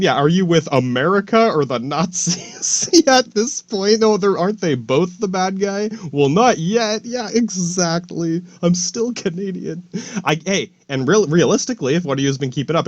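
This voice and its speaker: A man delivers a rambling, profane political monologue, doubling back on himself and trailing off into asides. His voice sits at a middling pitch. The recording is dry and a little dull, with a lo-fi sound. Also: no room sound. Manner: profane, digressive, full of restarts. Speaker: podcast host.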